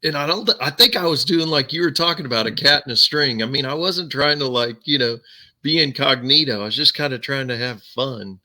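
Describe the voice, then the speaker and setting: A man hosts a podcast, swapping stories in a casual, animated chat and laughing often. His voice is medium in pitch and runs a little fast.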